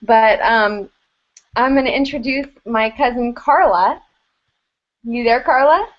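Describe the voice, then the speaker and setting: A woman's voice: on the high side, slow pace, highs cut off. A woman hosting a group video call, upbeat and encouraging as she introduces her guests. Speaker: host.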